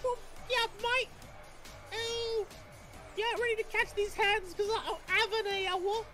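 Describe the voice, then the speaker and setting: A squeaky, cheeky little tadpole orphan chirps in a put-on Cockney accent, as a man puts him on for a game stream. Light music plays in the background. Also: level tone, takes it slowly, sharp tone, exaggerated voice.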